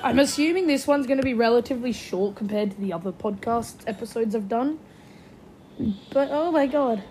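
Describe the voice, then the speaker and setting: A young woman hosting a gaming podcast, giving gushing commentary and repeating her excited exclamations. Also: on the high side, a little fast, faint music behind. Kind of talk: game commentary.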